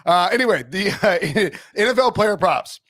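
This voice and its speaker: A man giving casual sports betting picks, rambling and animated with laughing asides. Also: high voice, normal speed, no echo, clean studio sound. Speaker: NFL betting analyst.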